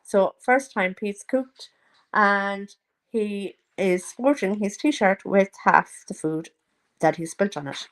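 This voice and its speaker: A woman vlogger chats casually with her live audience, gossiping and teasing and sometimes putting on mocking voices. Her mid-range voice is expressive and slow.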